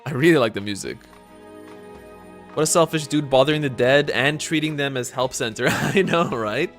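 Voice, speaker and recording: A man's voice: mid-range voice, moderate pace, fairly bright tone, faint music behind. Sarcastic man streaming a game. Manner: casual, sarcastic, joking asides. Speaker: streamer playing games. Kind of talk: live gameplay commentary.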